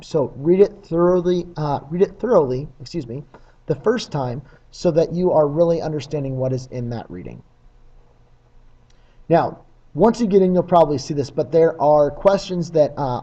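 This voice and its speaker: A man's voice: a little high, mellow, highs cut off. A man teaching a recorded test-prep lesson in a plain, practical way, with frequent uhs and ums.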